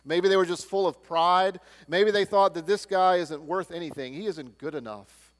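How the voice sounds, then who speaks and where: A man preaching a sermon, swinging between loud proclaiming and hushed, low-spoken lines. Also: normal speed. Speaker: pastor. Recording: long hall reverb.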